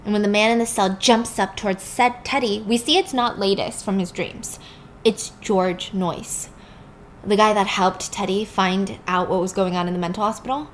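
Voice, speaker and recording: A woman's voice: medium pitch, fairly even intonation, normal speed, slight background noise. A young woman casually retelling a movie plot in a chatty, slangy, emphatic way. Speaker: storyteller.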